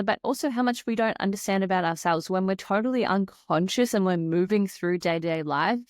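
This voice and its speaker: A woman's voice: mid-range voice, dry recording, studio quality. A woman hosting a conversational interview as an anxiety coach, talking in a reflective, flowing way with lots of "like" and "right?". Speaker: podcast host and anxiety coach.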